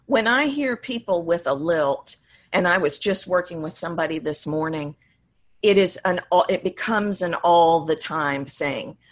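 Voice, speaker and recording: A woman's voice: on the low side, animated, measured pace. A woman voice coach, a guest in an interview, explaining her work and acting out examples mid-sentence.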